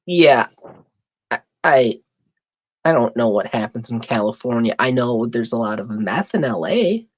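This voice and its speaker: A woman hosting a live stream, telling a story in a profane, exasperated, animated way. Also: extremely low pitch, a little slow, husky. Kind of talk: casual storytelling rant. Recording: dull lo-fi stream audio.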